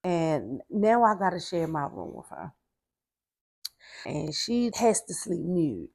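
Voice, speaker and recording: Gravelly-voiced woman telling a personal story. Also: on the low side, big pitch swings, slow pace, a little mellow, dry recording. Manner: chatty, leans on "like" and "baby", vents frustration. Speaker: storyteller sharing a personal testimony.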